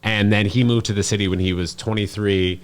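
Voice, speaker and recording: Deep-voiced young man, rambling casually. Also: fairly even intonation, fairly quick. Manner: rambling, filler-heavy storytelling with voiced-up quotes. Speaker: podcast host. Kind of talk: casual podcast chat.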